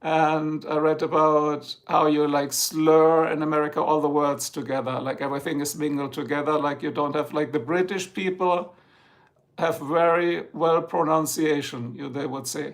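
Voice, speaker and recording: German-accented man, gravelly voice. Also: fairly high pitch, level tone, moderate pace. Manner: chatty, rambling, jokey. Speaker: livestream host. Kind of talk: casual livestream chat. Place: home, Ohio.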